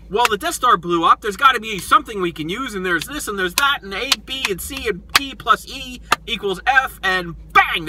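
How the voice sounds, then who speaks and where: High, lively man recapping a movie. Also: noisy background. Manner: animated storyteller, acts out quotes, swears freely. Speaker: toy show host. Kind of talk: excited casual movie recap.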